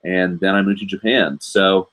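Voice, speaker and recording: A man's voice: sits low, steady tone, moderate pace, a bit bright. A man in his forties from the United States, hosting a live show and chatting in a rambling way, with lots of fillers and asides. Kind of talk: casual live stream chat.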